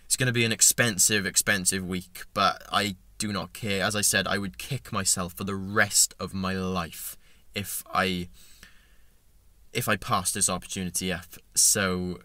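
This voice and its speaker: A young man vlogging impulsively, emotional and stumbling over his words as he rushes through his story. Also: low-pitched, flat delivery, bright, forceful tone, dry recording. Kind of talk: impulsive excited vlog.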